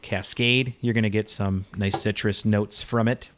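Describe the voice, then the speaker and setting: A man's voice: lowish voice, steady tone, a little slow, noisy background. A man co-hosting a casual beer-review podcast, upbeat and chatty, laughing often. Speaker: podcast co-host.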